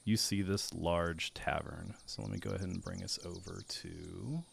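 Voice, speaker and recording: A man's voice: deep voice, normal speed, creaky, a little hiss or hum. A man narrating a tabletop game as game master, loose and full of fillers.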